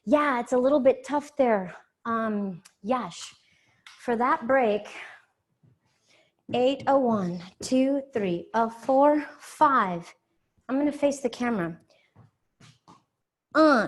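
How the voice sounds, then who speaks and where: A woman teaching an online dance class from home, counting beats aloud and answering questions in an upbeat, encouraging way, a bit out of breath. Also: on the high side. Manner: counts beats rhythmically, scats, cheerful and encouraging.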